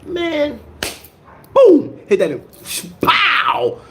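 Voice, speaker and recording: A man telling a street story in casual, slangy talk, swinging from low mutters to loud outbursts and repeating words as he goes. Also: wildly swooping pitch, very slow.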